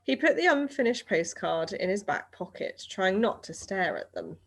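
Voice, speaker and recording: A woman reading a children's novel aloud, steady and expressive. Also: medium pitch, normal speed, creaky. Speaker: reader.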